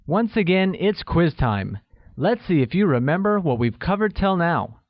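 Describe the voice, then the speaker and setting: A man narrating a scripted language lesson, saying example words slowly and carefully and asking quiz questions. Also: high voice, sing-song, no room sound, highs cut off. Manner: slow, careful delivery with drawn-out example words. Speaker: language teacher.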